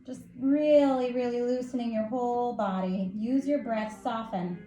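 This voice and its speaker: A woman guiding a yoga class at home, calm and encouraging as she talks listeners through each pose. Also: fairly high pitch, measured pace. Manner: calm, encouraging, gently instructive. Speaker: yoga instructor. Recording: echoey room with faint music.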